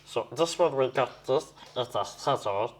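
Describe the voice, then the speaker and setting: A man's voice: medium pitch, animated, unhurried. A man hamming up a silly put-on accent for a mock beer-review intro, exaggerated and singsong. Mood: mock-cheery.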